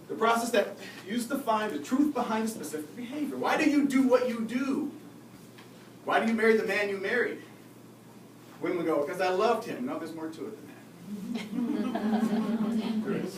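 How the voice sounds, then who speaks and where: A man giving a live seminar on behavior, lively and often asking the audience questions. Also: high voice. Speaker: behavior and communication expert giving a talk. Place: lecture room at a faculty club. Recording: roomy, distant mic with audible noise.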